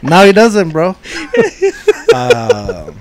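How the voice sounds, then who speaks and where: A man's voice: high-pitched, wildly swooping pitch, extremely slow, crowd noise. A man hosting a podcast in a casual chat, laughing often and talking with many fillers and restarts. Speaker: podcast host.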